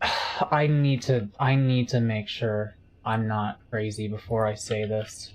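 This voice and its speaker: A man's voice: fairly low pitch, level tone, slow. A man streaming a game, chatting casually in a rambling, jokey way while he reads chat.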